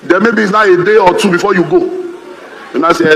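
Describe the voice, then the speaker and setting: A man with a Nigerian accent preaching a sermon as pastor, humorous and lively, mimicking other people's voices. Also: high voice, fast talker, crowd noise. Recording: reverberant hall, faint ambience.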